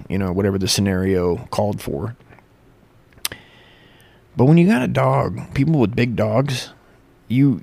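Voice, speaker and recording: Low-voiced man, crude and rambling comic monologue, dry mic. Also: gravelly, a little mellow, no echo. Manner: crude, profane, self-correcting.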